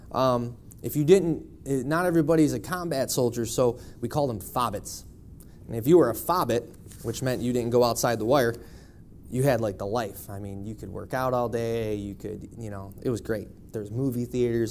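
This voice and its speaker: A man's voice: mid-range voice, dark tone, slight background noise. A man in his thirties from Buffalo, New York, giving a personal testimony in church with a wry, conversational storytelling manner. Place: church sanctuary.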